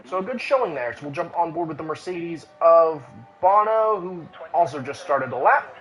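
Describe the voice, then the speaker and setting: A man's voice: fairly high pitch, animated, moderate pace, soft background music, rough recording. A man giving live commentary on an online sim racing qualifying session, with frequent "uh" fillers and restarts. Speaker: race commentator.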